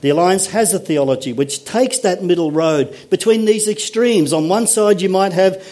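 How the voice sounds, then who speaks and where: A man's voice: high voice, moderate pace, warm tone. A man preaching a sermon as a pastor, earnest and emphatic, often stopping to ask the congregation rhetorical questions.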